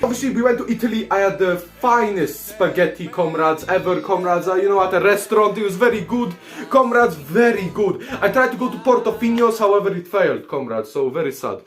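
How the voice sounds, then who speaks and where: A young man tells a travel vlog in an excitable, cursing style, calling his audience comrades again and again. His voice sits very high. It echoes around a roomy space over faint background music. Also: a little fast. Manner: excitable, swears, says "comrades" in nearly every line. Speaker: vlogger host. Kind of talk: casual travel vlog narration.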